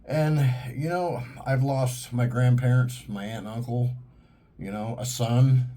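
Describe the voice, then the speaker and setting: A man's voice: medium pitch, steady tone, measured pace, mellow. A man delivering a heated, profane monologue in a blunt, ranting manner. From United States. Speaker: vlogger. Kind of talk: monologue to camera.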